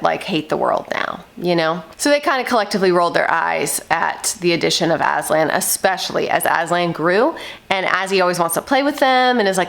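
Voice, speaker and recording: A woman in her thirties talks casually to her camera at home, rambling along with plenty of "like" and "you know." Her voice sits fairly low with a gravelly edge, stuffy and a touch hoarse as a cold comes on. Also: fairly bright tone. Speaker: vlogger, mother of eight. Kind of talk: casual vlog chat. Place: at home indoors.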